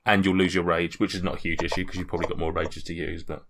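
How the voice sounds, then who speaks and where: Low-voiced man running a tabletop game. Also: fast talker, a little hiss or hum. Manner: relaxed, hesitant, with many ums and restarts. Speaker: game master.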